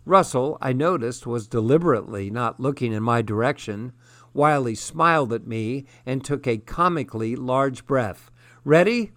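A man narrating a first-person story in a measured, steady way. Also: mid-range voice, dry recording. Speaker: audiobook narrator.

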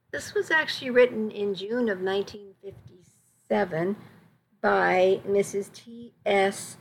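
Woman, volunteer radio reader, very slow, careful read-aloud, faint background hiss. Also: medium pitch, gravelly, poor audio. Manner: unhurried, careful reading with small slips and corrections. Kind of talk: reading magazine stories and poems aloud on radio.

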